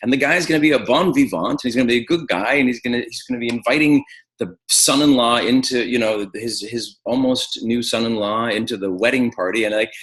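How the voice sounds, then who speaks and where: A man teaching an acting webinar, animated, with frequent restarts and fillers. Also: medium pitch, brisk, rough recording. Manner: animated, restarts and stacked fillers, drops to quiet reflection. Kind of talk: webinar lecture.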